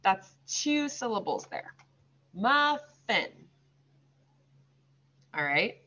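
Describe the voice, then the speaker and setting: Bright-voiced woman teaching young kids. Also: medium pitch. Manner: slow, drawn-out modeling of words. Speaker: second grade teacher. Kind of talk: recorded classroom lesson. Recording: slightly dull lo-fi recording.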